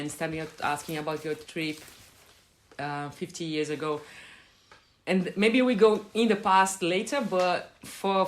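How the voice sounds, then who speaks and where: A woman's voice: deep voice, a little hiss or hum. Nasal-voiced woman podcast host with a cold. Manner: enthusiastic, repeats words for emphasis. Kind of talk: podcast interview. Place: guest's home on an island.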